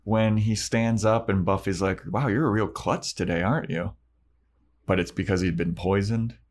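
A man's voice: lowish voice, moderate pace. A man co-hosting a podcast, recapping a TV episode in casual chat and acting out the characters' lines with energy. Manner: animated, acts out character lines in bursts. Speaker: podcast co-host.

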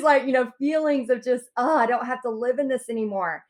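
A woman's voice: a little high, normal speed. A woman guest telling her own story in a podcast interview, acting out quotes with big swings in her voice.

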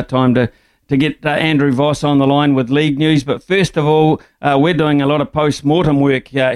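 A man hosts a sports radio show with dry, joking banter. His voice is smooth and clear, at an ordinary pitch, with frequent hesitant fillers. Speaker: radio host. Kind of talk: casual radio chat.

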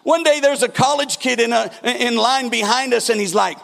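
A man's voice: extremely high pitch, moderate pace, creaky, few pauses, fairly bright tone. A man preaching a sermon as pastor, telling stories and acting out the people in them. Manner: storytelling preacher, acts out quotes with big shifts. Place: church hall. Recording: long hall reverb.

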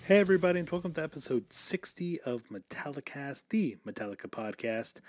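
A man's voice: a little high, very animated, a little fast, a little mellow, faint music behind. A man hosting his own podcast and then chatting as a guest on another, upbeat and laughing easily. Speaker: podcast host. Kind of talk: casual podcast chat.

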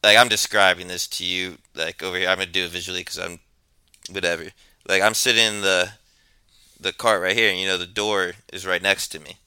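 A man, low-pitched and very bright, rambling through a story with plenty of swearing. His voice is close and dry, with no room sound. The delivery is laid-back and chatty. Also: flat delivery, a little fast, clear, resonant tone, no room sound. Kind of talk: casual storytelling. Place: New York.

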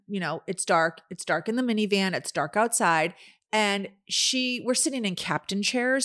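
Animated middle-aged woman telling stories. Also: medium pitch. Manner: animated storyteller, acts out quoted dialogue. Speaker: podcast co-host. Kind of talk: casual storytelling chat.

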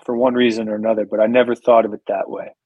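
A man appearing as a podcast guest, speaking softly and sounding moved. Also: lowish voice, level tone, fast talker, husky, no echo, phone-quality sound. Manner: moved, soft-spoken. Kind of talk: casual podcast chat.

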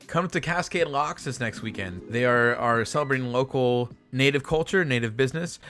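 A man hosting a casual podcast, chatty and quick to laugh, often stumbling and repeating words. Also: medium pitch, pushed and bright. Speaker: podcast host. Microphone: headset or desk mic over voice chat.

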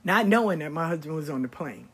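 Husky-voiced woman telling blunt stories. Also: deep voice, fast. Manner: blunt, animated, swears freely. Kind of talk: casual storytelling.

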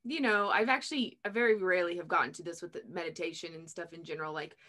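Female guest, low voice for a woman, easygoing and agreeable. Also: quick pace, pushed and bright. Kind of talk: casual chat.

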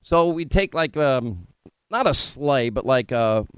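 Rambling through casual banter, this middle-aged radio host keeps interrupting and restarting his own stories. He has a mid-range, clear, resonant voice with lively intonation and an unhurried pace, recorded dry.

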